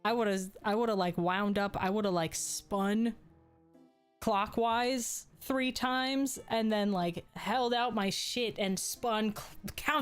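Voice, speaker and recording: Crude joking woman streamer, slow talk. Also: medium pitch, fairly even intonation, soft background music. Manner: crude, joking storytelling, laughs often. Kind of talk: casual chat.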